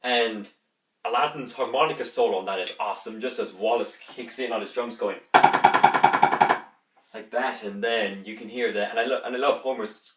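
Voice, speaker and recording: A man's voice: medium pitch, fairly even intonation, moderate pace, a bit bright. A man giving a rambling, enthusiastic music review during an unboxing, humming instrument parts along the way. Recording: roomy echo, distant from the mic.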